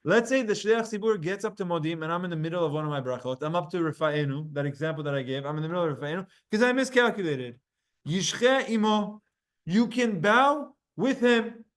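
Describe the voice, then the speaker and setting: A man teaching a Talmud class. He reads Hebrew and Aramaic passages aloud, translates them, and breaks off to speak to his students by name. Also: sits high. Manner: explains texts, reading Hebrew and Aramaic aloud and translating with quick asides.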